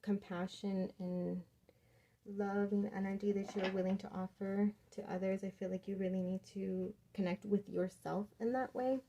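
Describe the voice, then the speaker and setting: A young woman giving a casual tarot reading, talking softly and rambling with many fillers. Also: mid-range voice, steady tone, moderate pace, a little hiss or hum. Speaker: tarot reader.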